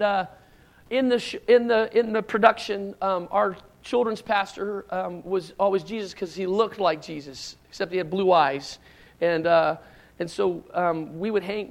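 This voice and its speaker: A man's voice: high-pitched, creaky. A middle-aged man preaching a sermon as a pastor, talking in a loose, conversational way with restarts and asides. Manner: conversational, rambling with restarts, acts out shouted lines in stories. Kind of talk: sermon with personal stories.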